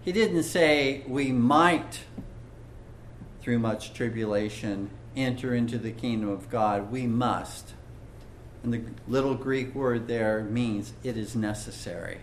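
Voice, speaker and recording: Slow, earnest male preacher. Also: mid-range voice, reverberant, slight background noise. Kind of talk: sermon.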